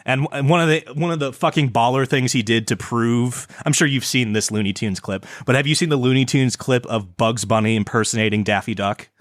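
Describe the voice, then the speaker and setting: A man's voice: medium pitch, a little fast, hardly any pauses, dry recording. Young guy podcast cohost, rambles and stammers a lot, swears, dry close sound. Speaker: podcast co-host. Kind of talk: casual chat.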